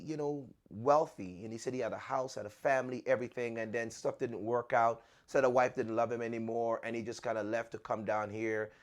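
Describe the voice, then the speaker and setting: A man hosting a podcast, telling a personal story in an earnest, conversational way and often repeating words as he restarts. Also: mid-range voice. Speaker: podcast host.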